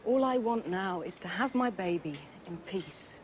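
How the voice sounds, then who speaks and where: A woman's voice: mid-range voice, lively intonation, unhurried, natural voice. A woman playing a cold, bitter betrayed wife. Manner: clipped, cool and defensive. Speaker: pregnant wife of a murdered man. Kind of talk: 1990s television crime drama.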